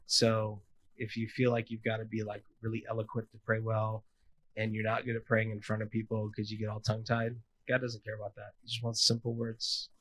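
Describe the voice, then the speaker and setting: A man in his thirties preaching a sermon in a casual, animated way, with playful asides. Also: on the low side, a little fast, low-quality recording. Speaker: pastor.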